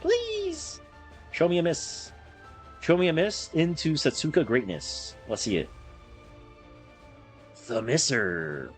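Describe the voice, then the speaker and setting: Excitable young man chanting over gameplay. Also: fairly high pitch. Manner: excitable, chants words rapidly over and over, swears freely. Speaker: game streamer. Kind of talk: casual live gameplay commentary. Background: faint game music.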